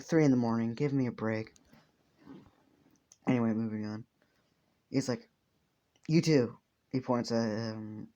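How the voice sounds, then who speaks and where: A man's voice: mid-range voice, darkish tone. A man improvising a fan story aloud, rambling and swearing casually as he goes. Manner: rambling, profane, off-the-cuff.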